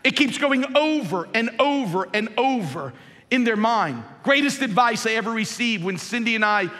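Bright, high-pitched male preacher in a big hall. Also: expressive, normal speed. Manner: emphatic preaching, swinging from loud highs to low storytelling. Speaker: pastor. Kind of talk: sermon. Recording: long hall reverb.

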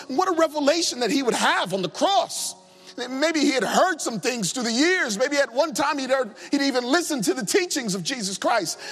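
A man delivers an impassioned sermon in a strikingly high, lively voice that swings up and down. He repeats his phrases for emphasis. His voice rings with a long reverb through a church sanctuary, with faint music underneath. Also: husky. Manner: impassioned, repetitive, rising and falling emphasis. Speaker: preacher.

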